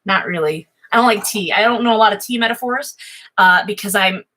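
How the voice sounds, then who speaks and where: An American woman chatting at home in a rambling, self-interrupting way, admittedly high, swearing freely. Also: fairly quick, sharp tone, rough recording. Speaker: vlogger. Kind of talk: rambling casual livestream chat. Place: home office.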